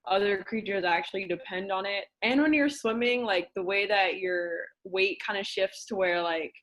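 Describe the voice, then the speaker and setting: A young woman shares eagerly in a small group, her speech slow and warm with excitement. She leans on "like" often as she gathers her thoughts. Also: medium pitch. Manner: enthusiastic, slow, many "like" fillers. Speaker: group participant. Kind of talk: casual sharing.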